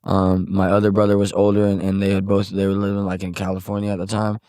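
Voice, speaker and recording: Low-voiced man from Missouri, rambling. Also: completely flat delivery, fast, dark tone, no echo, clean studio sound. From Missouri, USA. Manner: loose and rambling, heavy on "like" and "bro", swears often; subdued and heavy when recounting loss. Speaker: podcast guest, songwriter and musician. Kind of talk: casual conversation.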